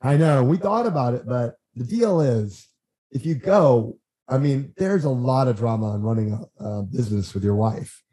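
A man guesting on a podcast, telling stories in a lively, rambling way and acting out what others said. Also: mid-range voice, moderate pace, rough recording. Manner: animated, acts out quotes, frequent restarts. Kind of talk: casual storytelling chat.

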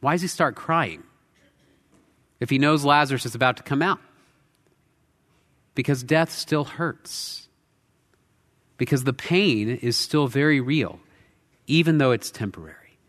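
A male pastor preaching a sermon in a church, earnest, shifting between intense emphasis and quiet reflection. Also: medium pitch, expressive, a little slow, pauses often. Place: church sanctuary. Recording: long hall reverb.

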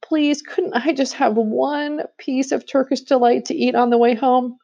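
A woman's voice: high-pitched, steady tone, unhurried, creaky, warm tone, muffled recording, voice pushed up, heavily acted. A woman voicing a sulky, greedy young boy who pleads and snaps, in a storybook reading. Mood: pleading. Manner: pleading, snappish.

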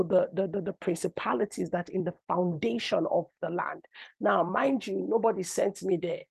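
A middle-aged woman, an apostle and preacher, delivers a sermon full of personal testimony, telling stories animatedly until they rise to cries. Her voice is on the low side, husky, and marked by vocal fry, with no room sound.

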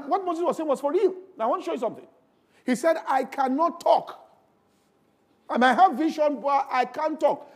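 A man preaching a sermon, animated and laughing, rising to loud, emphatic bursts. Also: sits high, slightly rough.

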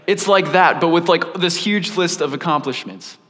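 A man preaching a sermon in a relaxed, conversational way, full of "like", animated as he builds his point. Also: fairly high pitch, moderate pace. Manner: animated, laid-back, peppered with "like". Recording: long reverb in a large hall.

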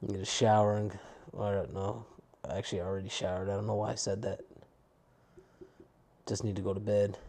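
A man's voice: fairly low pitch, little pitch movement, a little fast, creaky, pauses often, dark tone. A young adult man hosting a casual solo podcast, rambling and swearing in a tired, downbeat way. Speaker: podcast host.

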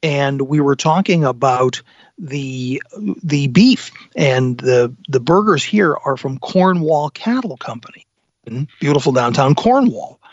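A man's voice: mid-range voice, expressive, measured pace, no echo, muffled recording. A man hosting a radio talk show live from an inn, chatting with enthusiasm and lots of fillers. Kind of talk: casual radio chat from a live remote broadcast. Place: inn dining room on location.

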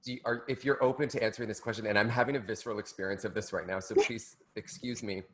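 A man hosting a casual chat, talking in an emotional, halting way with many restarts. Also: on the low side, steady tone, a bit bright. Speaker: podcast host.

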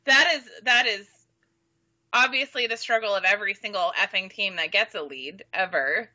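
A woman co-hosting a podcast in casual sports chat, animated and sarcastic, swearing freely. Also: medium pitch, moderate pace. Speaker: podcast co-host. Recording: dull lo-fi sound.

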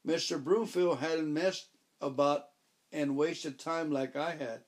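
A man's voice: fairly high pitch, fairly even intonation, takes it slowly. Wry male audiobook narrator.

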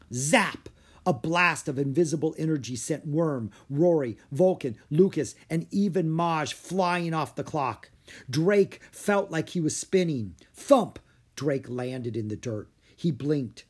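A man narrating a children's adventure story with an expressive, storyteller's delivery. His voice sits slightly high for a man and swings widely in pitch. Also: takes it slowly, husky. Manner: expressive reading. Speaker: audiobook narrator.

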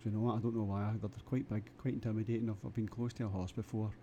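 A man's voice: lowish voice, little pitch movement, racing, mellow, dull audio, slight background noise. A Scottish man delivering a rambling comic monologue to camera, crude and full of stammered restarts. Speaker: vlogger.

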